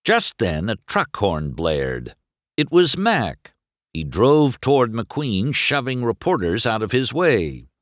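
A man reading a storybook chapter aloud slowly and with lots of expression. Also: no room sound, clean studio sound. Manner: slow, highly animated reading. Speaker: narrator.

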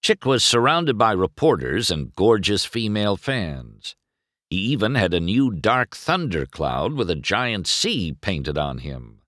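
A man reading a storybook chapter aloud slowly and with lots of expression. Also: dry recording, studio quality. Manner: slow, highly animated reading. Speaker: narrator.

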